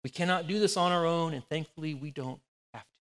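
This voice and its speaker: A man's voice: on the high side, a little fast, in a large hall. A man in his forties, a pastor giving a conversational sermon full of personal anecdotes. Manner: conversational, anecdotal, animated storytelling.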